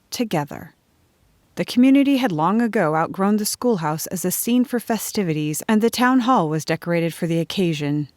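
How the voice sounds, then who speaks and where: A woman narrating a children's storybook in a calm, measured reading. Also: lowish voice, no room sound. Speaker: audiobook narrator.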